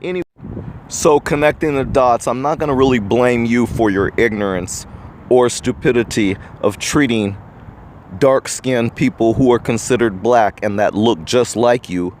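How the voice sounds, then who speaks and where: A man's voice: medium pitch, measured pace, darkish tone, a little hiss or hum. Indignant man preaching to the camera. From United States. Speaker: podcast host. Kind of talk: opinion monologue addressed to the viewer.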